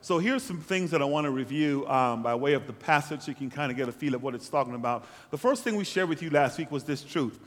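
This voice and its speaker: A high-pitched male pastor delivers a sermon in a church sanctuary, repeatedly calling the congregation to answer back. His voice climbs louder and higher when he presses a point, and a long hall reverb trails every phrase. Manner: preaching with call-and-response to the congregation; rises in pitch and volume when urging the room.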